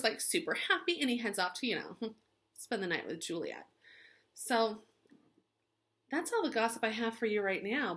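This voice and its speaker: A woman's voice: mid-range voice, fairly bright tone. A young woman teacher chatting through a story recap in a gossipy, sarcastic way, filling her talk with "like" and "um".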